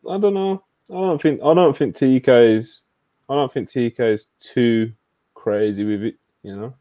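A man's voice: medium pitch, moderate pace, dark tone, no echo. A man hosting a casual wrestling podcast, talking loosely with lots of filler words and reading out viewer messages over a video call. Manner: laid-back, trailing filler words, reads out super chats. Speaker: podcast host.

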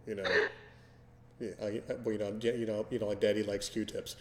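A man hosting a podcast in casual chat, talking slowly and deliberately with many fillers. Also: on the low side, little pitch movement. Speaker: podcast host. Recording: echoey room with long reverb.

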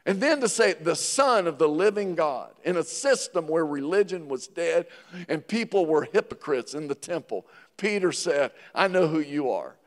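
High-voiced preacher in a hall. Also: male voice, lively intonation, normal speed. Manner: call-and-response preaching, prodding the congregation. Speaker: pastor. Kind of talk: sermon. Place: church sanctuary. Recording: long reverb of a large hall.

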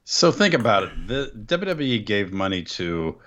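A man's voice: fairly low pitch, sing-song, moderate pace, a bit bright. A man co-hosting a casual wrestling podcast, making dry joking asides. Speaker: podcast co-host. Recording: dull lo-fi sound.

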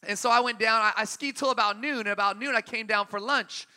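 Male preacher, 30s, high bright voice, easygoing anecdotal sermon, reverberant hall. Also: fast. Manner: relaxed anecdotal, laughing at his own story.

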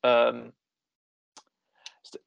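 A man's voice: very slow, dry recording, dull audio. A man hosting a casual review chat, rambling and searching for words with a joking tone. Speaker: podcast host.

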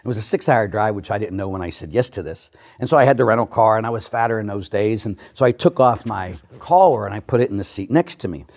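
Priest, 50s or older, animated preacher who laughs at himself, lively swooping delivery. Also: male voice, lowish voice, fast, hardly any pauses. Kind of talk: sermon.

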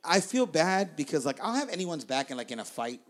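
Podcast co-host from Puerto Rico, higher-pitched man, animated storyteller. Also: brisk. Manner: lively storyteller, acts out voices. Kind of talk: casual podcast chat.

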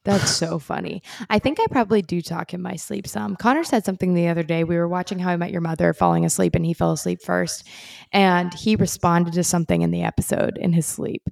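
A young adult woman co-hosting a podcast, chatting in a relaxed, rambling way. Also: on the low side, a little fast, creaky, no echo, studio quality. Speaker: podcast co-host. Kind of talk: casual chat.

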